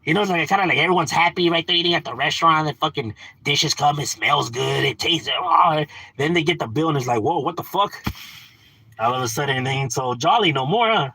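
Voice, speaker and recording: A man's voice: a little high, fast, vocal fry, bright, forceful tone, breathy edge. A man ranting casually on a livestream, swearing, slangy and laughing often. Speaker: livestream host.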